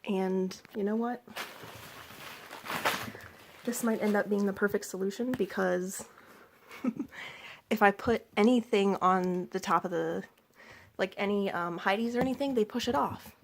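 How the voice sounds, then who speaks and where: Faint hiss or hum sits under a young woman's medium-pitched voice as she chats slowly, pausing often. She's a pet vlogger in her twenties at home by an animal cage, rambling with fillers and slightly out of breath.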